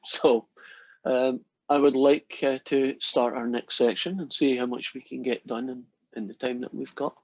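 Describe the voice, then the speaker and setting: A man's voice: medium pitch, fairly even intonation, normal speed, a little mellow, no echo, lo-fi sound. A man giving a casual university lecture, telling jokes and acting out the characters in them. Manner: chatty, storytelling, acts out quoted characters.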